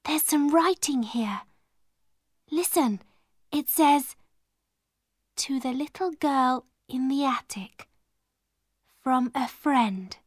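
Woman playing a gentle young girl, soft and hushed, slightly raised pitch, very slow, dry close sound. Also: no echo. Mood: excited hush. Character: gentle, hopeful young girl living in an attic.

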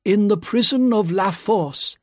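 Distressed young woman, breathless and pleading, as a male reader puts her on, pitched high and husky. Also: unhurried, dry recording, clean studio sound.

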